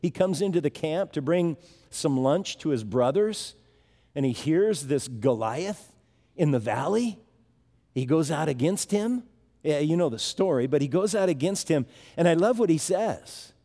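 A man's voice: fairly high pitch, expressive, unhurried, warm tone. Emphatic male preacher in an echoey hall. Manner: conversational, emphatic, restarts phrases. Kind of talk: sermon.

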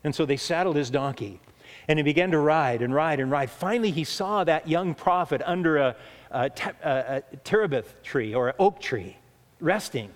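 A man preaching a sermon, earnest and emphatic, slowing down to stress key points, in a church hall. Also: on the high side, lively intonation. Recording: echoey hall reverb.

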